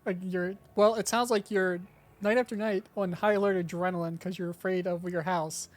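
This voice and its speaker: A woman's voice: lowish voice, steady tone, normal speed. A woman co-hosting a casual podcast, dry and wisecracking. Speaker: podcast co-host. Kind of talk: casual chat.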